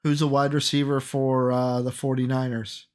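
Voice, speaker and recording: A man co-hosting a sports podcast in casual chat, energetic, rattling off names and quizzing his co-host. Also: mid-range voice, moderate pace.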